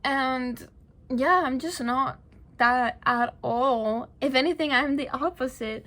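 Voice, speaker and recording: A young woman with a slightly high voice rants casually to camera. English is not her first language, and her talk is chatty and animated, with quick laughs and asides that drop to a whisper. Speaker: vlogger.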